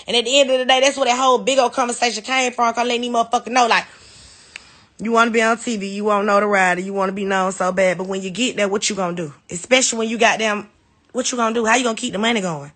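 A woman's voice: fairly high pitch, steady tone, rapid-fire, fairly bright tone. A woman ranting bluntly and defiantly on a live stream, swearing freely and laughing things off. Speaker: reality TV personality in a clip. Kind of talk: heated live-stream rant.

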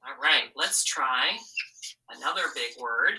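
Low-voiced, encouraging woman teacher. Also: animated, pushed and bright, distant mic, rough recording. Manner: patient, encouraging, asks questions and pauses for answers. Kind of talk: phonics lesson for children.

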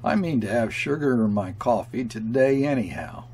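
A man voicing a brash, mocking European trading-post man who sneers and shouts. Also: medium pitch, expressive, normal speed, slight background noise, close to an everyday voice. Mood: furious.

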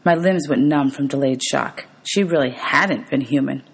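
Low, gravelly woman reading aloud. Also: normal speed. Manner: steady storytelling, announces page numbers. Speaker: teacher.

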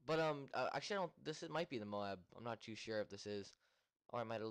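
A man's voice: lowish voice, lively intonation, quick pace. A young man recording casual gameplay commentary at home, rambling with many ums and mildly annoyed complaints. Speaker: gaming commentator. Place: home room.

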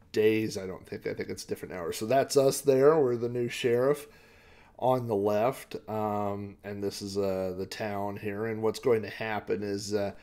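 Gravelly low-voiced man, rambling commentary. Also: darkish tone. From Oklahoma. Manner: rambling, hesitant, chuckling. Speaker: podcast host. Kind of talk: gameplay commentary.

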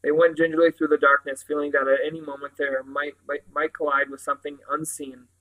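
A man reading a children's novel aloud in a steady manner, with occasional slips and restarts. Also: a little high, low-quality recording. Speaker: reader.

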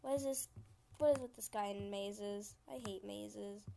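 A woman's voice: medium pitch, measured pace, gravelly, mellow, slight background noise. A young woman casually commenting as she plays a computer game, chatty and easily frustrated, often laughing. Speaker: gaming channel host.

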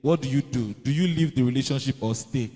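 A man's voice: mid-range voice, fairly quick, mellow, in a large hall. A man politely reading out audience questions to a pastor in a church. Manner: polite, deferential, addresses the pastor as sir. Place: church hall.

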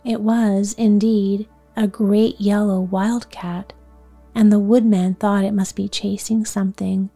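Woman narrating a whispered bedtime story reading, soothing and hushed, very slow, dark mellow tone, faint music beneath. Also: mid-range voice, level tone, gravelly.

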